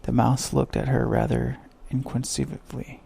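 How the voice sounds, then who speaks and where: Gravelly, dark-voiced male sleep story narrator. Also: medium pitch, little pitch movement, moderate pace.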